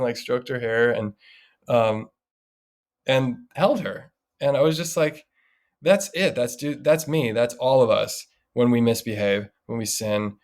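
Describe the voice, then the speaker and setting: A man in his thirties telling a story in a casual podcast chat, animated and laughing as he goes. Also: on the low side. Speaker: podcast co-host.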